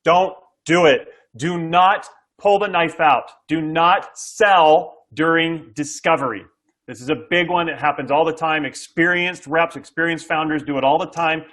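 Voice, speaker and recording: Energetic man coaching on sales tactics. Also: a little high, unhurried. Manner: energetic, acts out buyer dialogue, frequent "okay?". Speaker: SaaS sales coach, guest. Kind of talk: explaining sales tactics to an interviewer.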